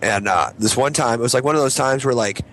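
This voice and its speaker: A man co-hosting a casual chat, telling gross stories in an animated, profane way and acting out the voices. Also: medium pitch, quick pace, a little hiss or hum. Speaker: co-host.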